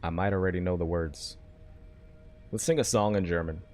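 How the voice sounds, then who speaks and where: A man's voice: sits low, fairly even intonation, moderate pace, long pauses, a little mellow, faint music behind. A man streaming a video game, rambling and joking casually with his viewers. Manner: rambling, jokey, chats with viewers. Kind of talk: casual chat while playing a game.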